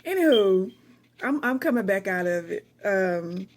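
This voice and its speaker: A loud, talkative woman recording an unedited personal reflection, rambling between laughter and tears with a sassy, direct edge. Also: medium pitch, expressive, measured pace. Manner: emotional, laughing through tears. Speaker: vlogger reflecting on grief.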